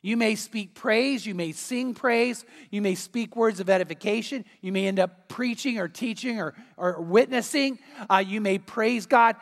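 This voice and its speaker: Pastor, earnest conversational sermon, mid-pitched voice with a long hall echo. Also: normal speed, gravelly, few pauses. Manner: earnest, conversational preaching with rhetorical questions.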